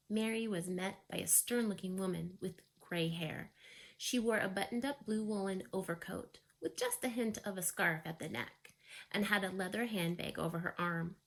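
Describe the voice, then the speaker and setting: Lady reading a chapter book out loud, calm and even, mid-pitched voice. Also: creaky, poor audio. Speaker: storyteller. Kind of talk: storybook read-aloud.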